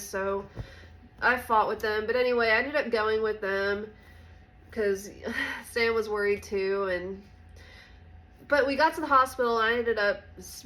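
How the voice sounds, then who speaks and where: A woman vlogger telling a personal story in a candid, halting, soft-spoken way. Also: mid-range voice, rough recording. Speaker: recovery vlogger.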